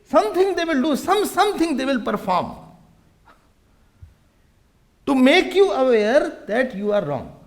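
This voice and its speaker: A man's voice: very high-pitched, sing-song, moderate pace. A man giving a humorous spiritual discourse as a swami, acting out family quarrels and slipping into Hindi. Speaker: swami giving a scripture talk.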